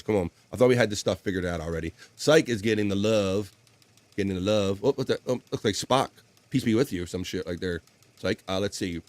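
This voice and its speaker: A man's voice: medium pitch, a bit bright, no echo. Profane, joking male stream host. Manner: loose, profane, joking banter with frequent laughs. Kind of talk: casual live-stream chat, reading viewer comments and news.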